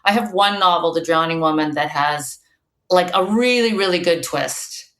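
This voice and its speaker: A woman's voice: lowish voice, normal speed, a bit bright. A woman guest author chatting casually on a podcast. She tells stories with plenty of fillers like "you know" and "um.". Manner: chatty, storytelling with many fillers.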